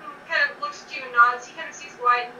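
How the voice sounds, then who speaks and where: Woman game master, high voice, loose hesitant narration; far-off mic in an echoey room. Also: fairly even intonation, quick pace, highs cut off, over a noisy crowd.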